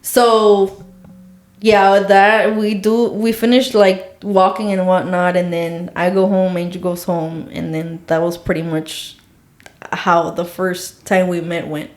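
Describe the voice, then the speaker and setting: A woman's voice: on the low side, level tone, slow pace, soft background music. A young woman co-hosting a podcast, telling a story in a casual, rambling way with lots of "like"s. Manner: rambling, filler-heavy storytelling with many "like"s. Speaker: podcast co-host. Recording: roomy echo.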